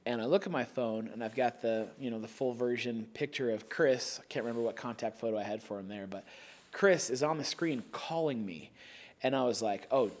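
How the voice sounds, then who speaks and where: A man's voice: medium pitch, brisk. A man co-hosting a podcast, telling a story in a wry, self-mocking way. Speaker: podcast co-host. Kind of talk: casual storytelling chat.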